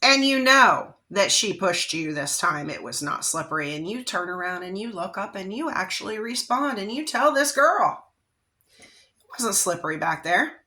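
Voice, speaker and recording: Bright-voiced woman giving a rambling tarot reading. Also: mid-range voice, animated. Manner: rambling, conversational, drawn-out phrases with frequent "okay?" and fillers. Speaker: tarot reader. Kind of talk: casual psychic reading monologue.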